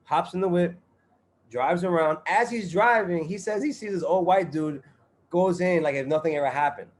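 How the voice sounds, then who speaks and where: A man's voice: high-pitched, moderate pace. A man guest on a podcast, telling a story in casual chat, full of profanity, street slang and fillers.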